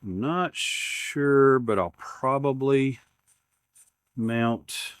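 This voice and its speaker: A man's voice: medium pitch, extremely slow, smooth, dry recording, clean studio sound. A man, rambling casually as he unboxes gear at his workshop bench. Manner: rambling, repeats words, self-deprecating humor. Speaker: YouTube maker unboxing camera gear.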